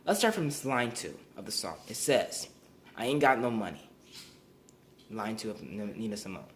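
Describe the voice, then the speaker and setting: A man's voice: lowish voice, very animated, moderate pace, a little hiss or hum. A young man giving a recorded class presentation, earnest and explanatory, often restarting and repeating words. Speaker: student presenter.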